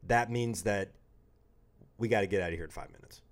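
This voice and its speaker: Man, low voice, rambling jokey podcast co-host. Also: fairly quick. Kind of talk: casual chat.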